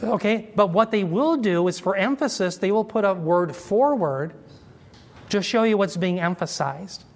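A man teaching an expository sermon, explaining Greek terms slowly and asking his listeners questions as he goes. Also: high voice, expressive. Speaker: Bible teacher.

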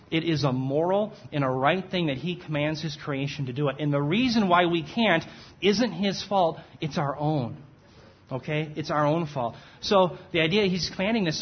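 A man's voice: a little high, slightly rough, lo-fi sound. A man preaching an expository sermon in a conversational way, often checking in with "okay?" and stopping to correct himself. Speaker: pastor.

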